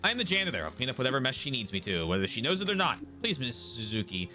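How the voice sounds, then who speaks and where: A man playing a loyal, determined young gang lieutenant, earnest and quick, his voice bright and animated. Faint music runs under it. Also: mid-range voice.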